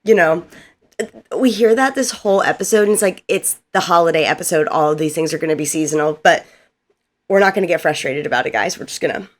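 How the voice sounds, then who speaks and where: A woman's voice: sits low, fast talker. Chatty woman recapping a TV show. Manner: chatty, lively, laughs often. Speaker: recap video host. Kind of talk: casual recap commentary.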